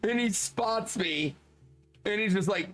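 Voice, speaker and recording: A man streaming, telling casual anecdotes in an animated way, laughing often and swearing freely. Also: high voice, slow pace. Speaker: streamer reading chat.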